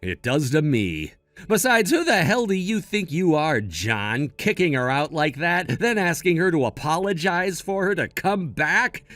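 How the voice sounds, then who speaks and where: A man's voice: on the high side, very animated, unhurried, fairly bright tone, no echo. A man voicing a level-headed, protective son in a read-aloud text-message story, firm and matter-of-fact. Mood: scolding. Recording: dry close mic with faint music.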